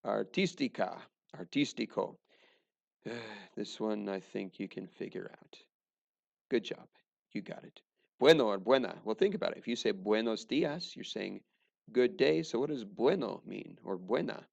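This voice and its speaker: Man, teacher, recorded lesson, very gravelly fry, dull lo-fi sound, dry joking asides. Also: fairly low pitch, lively intonation, moderate pace, a little mellow.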